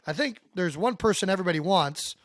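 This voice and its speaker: A man from Ohio co-hosting a sports podcast in casual chat, quick-talking and teasing his co-host. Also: sits high, lively intonation, a bit bright, dry recording, clean studio sound.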